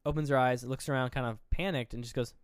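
A man's voice: mid-range voice, fairly even intonation, fast, clear, resonant tone, dry recording, studio quality. A young man co-hosting a casual podcast, recapping a movie scene by scene and acting out the characters' lines. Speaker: podcast co-host.

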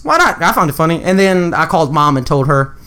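A man's voice: on the high side, sing-song, fast, sharp tone, clear, resonant tone. A young man telling a funny story in casual chat, laughing often and acting out what other people said.

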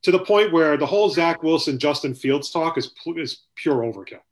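A podcast host with a slightly high voice talks briskly and expressively on his casual sports show. He rambles, swears, and leans heavily on "you know."

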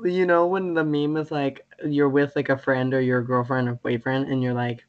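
A young woman with a notably low voice teases and jokes in blunt, casual talk, swearing often. The sound is dull and lo-fi. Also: normal speed, hardly any pauses. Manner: blunt, teasing, swears a lot. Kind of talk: casual chat.

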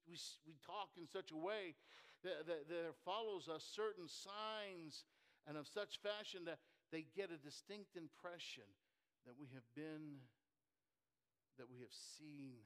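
Man, preacher, sermon, smooth resonant voice, emphatic, call-and-response questions. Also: a little high. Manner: emphatic, repeats phrases, asks the congregation questions.

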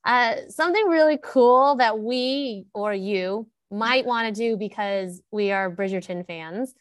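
A woman in her thirties chatting casually as a podcast co-host, animated and giggly, often trailing off mid-sentence. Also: fairly high pitch, unhurried, dry recording. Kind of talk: casual chat.

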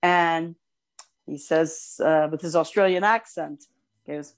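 An older woman co-hosting a podcast, telling long personal stories in casual chat, animated and quick to gush. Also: low voice. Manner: animated storyteller, gushing over cute animals. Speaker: podcast co-host.

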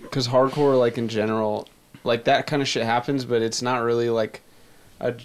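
A man's voice: mid-range voice, steady tone, normal speed. A man talking bluntly and profanely in a laid-back podcast chat. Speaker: tattoo artist, guest.

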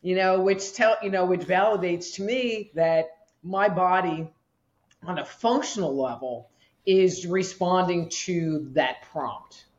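A woman's voice: lowish voice, slow pace. Woman guest on muffled, lo-fi audio. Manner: explanatory, uses everyday examples. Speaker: guest, energy healer. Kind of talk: casual interview chat.

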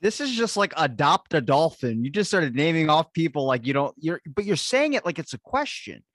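A man hosts a podcast with a fairly high voice that swings up and down as he teases his guest and throws in jokes. The sound is dry and close to the mic. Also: normal speed, no room sound. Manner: teasing, animated, jumps in with jokes. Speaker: podcast host. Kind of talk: casual podcast chat.

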